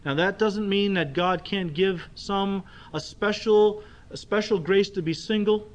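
A male pastor preaching a sermon, emphatic, slowing down to stress key phrases and checking in with the congregation. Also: high-pitched. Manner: speaks directly to the congregation with rhetorical checks.

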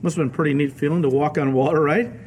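A male pastor giving a radio Bible teaching sermon, telling the stories in a lively way and acting out the quoted voices. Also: a little high, racing, a little hiss or hum. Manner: animated storytelling, acts out quoted voices.

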